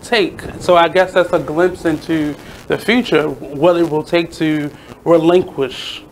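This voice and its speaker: This is a man hosting a radio talk show, his voice a little high with a gravelly edge. He speaks in an easy, reflective way and offers advice while nudging his guest along with quiet "mm-hmm"s. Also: unhurried, a little hiss or hum, low-quality recording. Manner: reflective, advice-giving, frequent "mm-hmm" backchannels. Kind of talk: casual interview chat.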